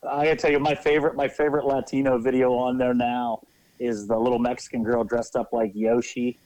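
A man co-hosting a podcast, telling crude anecdotes in an animated, profane way. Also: mid-range voice, fairly quick, no room sound, rough recording. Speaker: podcast co-host. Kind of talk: crude casual storytelling.

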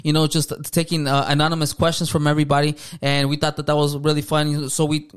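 Male podcast co-host with a high-pitched voice, casual profane slang, banter-heavy. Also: monotone, quick pace, clean tone. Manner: slangy, profane, keeps saying "fool".

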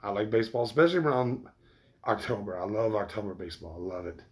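A man's voice: lowish voice, expressive, fast. A man chatting casually to his viewers, rambling, swearing freely and restarting his sentences often. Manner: rambling, loose and profane, with many restarts. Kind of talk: casual chat.

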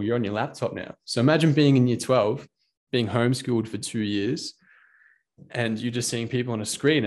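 A man, a fighter ranting casually and swearing freely. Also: mid-range voice. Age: 20s. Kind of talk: casual monologue.

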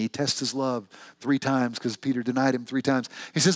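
A man preaching a sermon to his church, telling the story in a conversational, animated way with lots of rhetorical questions. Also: medium pitch, normal speed, few pauses, dry recording. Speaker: pastor.

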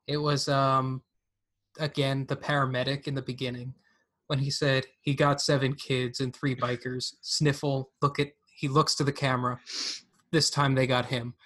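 A man's voice: mid-range voice, little pitch movement, moderate pace, fairly bright tone. A man co-hosting a casual movie review podcast, swearing and incredulous about silly dialogue. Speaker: podcast co-host.

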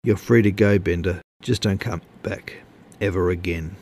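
Narrator as a wary, placating man; deep voice, storybook. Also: normal speed, a little mellow, a little hiss or hum. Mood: calm. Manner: placating, uneasy. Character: nervous middle-aged man, wary homeowner.

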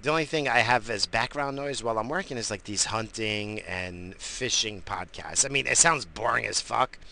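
A man's voice: on the low side, moderate pace, creaky, bright, forceful tone. A man hosting a podcast, rambling through a profane casual rant, swearing constantly and stammering on his restarts. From family from the Azores. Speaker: podcast host.

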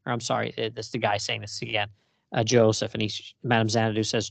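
A man co-hosting a podcast in casual chat, retelling a comic scene in an animated way and laughing often. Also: medium pitch, brisk, creaky, dry recording. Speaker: podcast co-host.

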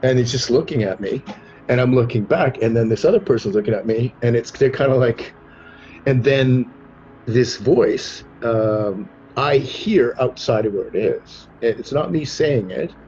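A man hosting a podcast, telling a story with animated energy and acting out the voices in it. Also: medium pitch, a little slow, dull audio, faint music behind. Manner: expressive, acts out voices in his anecdotes. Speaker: podcast host.

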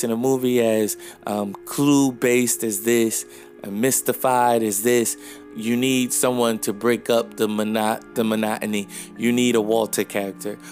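An opinionated man hosts a casual podcast, reviewing a film and speaking straight to his listeners, often pausing on "um". His voice sits at an ordinary middle pitch, with faint music playing softly underneath. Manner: opinionated, frequent "um" fillers, direct address to listeners.

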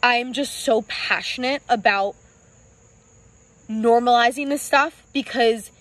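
A vlog features a young woman in her twenties recounting how she founded her small clothing brand, speaking earnestly but haltingly with many ums and restarts and at times nearly crying. Her pitch is fairly high and a touch bright, and the recording is dry with poor audio.

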